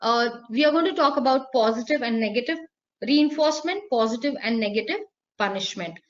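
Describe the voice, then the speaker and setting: Woman, high voice, lively online lecturer, slightly muffled recording. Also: fairly quick. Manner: lively, playful, acts out sounds and voices. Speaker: teacher trainer.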